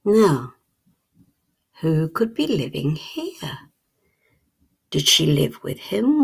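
Very slow, husky whispering woman storyteller. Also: low-pitched, sing-song. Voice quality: whispery and hushed, with lingering pauses.

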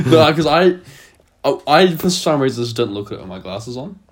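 A man's voice: on the high side, lively intonation, unhurried, slightly rough. A young man co-hosting a casual podcast while sick. He rambles, restarts, swears freely and breaks into laughter often. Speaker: podcast co-host. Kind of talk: casual chat.

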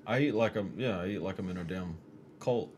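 A man with a very deep voice jokes around with friends at a brisk clip, relaxed and swearing a lot. A constant background hum runs beneath his speech the whole time.

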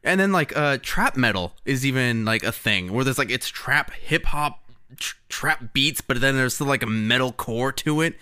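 A man's voice: medium pitch, lively intonation, normal speed, bright, forceful tone, smooth. A young man co-hosting a podcast, chatting casually and rambling with lots of fillers. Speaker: podcast co-host. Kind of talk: casual chat.

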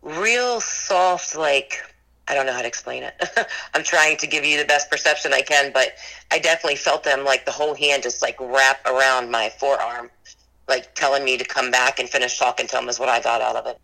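A woman with a bass voice, vocal fry and a pushed, bright quality talks a little fast in a low-quality recording. She runs ghost tours and is earnestly recounting her paranormal experiences for an interview. She rambles, frequently using "like" and "you know."

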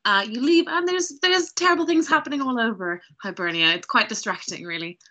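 A woman voicing a young female half-elf adventurer, breathy and earnest, rambling a little. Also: fairly high pitch, expressive, a little fast, pushed and bright, pitched above the performer's own voice.

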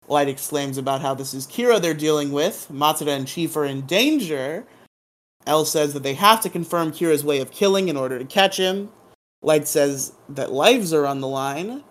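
A man hosting a podcast, recapping a TV episode in a casual, joking, irreverent way. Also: on the high side. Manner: joking, irreverent, hums silly sound effects. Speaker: podcast host.

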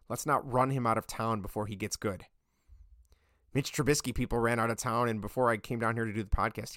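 A man hosting a sports podcast, talking casually and getting worked up into loud rants. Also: fairly low pitch, dry recording, clean studio sound. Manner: ranting, gets worked up and loud. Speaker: podcast host. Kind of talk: casual sports opinion monologue.

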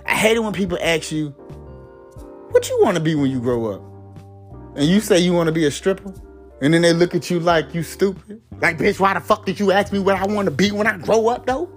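A man's voice: high voice, fast. Profane ranting male vlogger, faint music. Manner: profane, exasperated, mock-outraged; repeats a catchphrase between bits. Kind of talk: comedic rant to camera.

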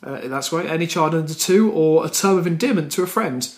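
A man's voice: on the high side, animated, brisk. A man from Gloucestershire co-hosting a comedy podcast, reading out local news stories in a dry, amused way. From Gloucestershire, England. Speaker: podcast co-host. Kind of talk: casual comedic chat.

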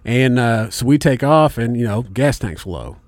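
Profane, animated male storyteller. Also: medium pitch, moderate pace, dry recording, clean studio sound. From Indiana. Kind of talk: casual storytelling.

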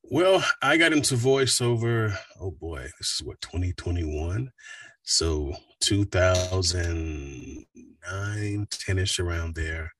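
A man's voice: deep voice, slow pace, recorded from a distance. A man, a voice actor, chatting casually in an interview, telling stories with plenty of fillers. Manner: relaxed, rambling storyteller with fillers. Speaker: voice actor guest.

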